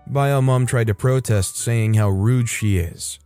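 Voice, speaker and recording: Mellow-voiced man reading stories aloud. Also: mid-range voice, unhurried, smooth, soft background music. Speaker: story narrator.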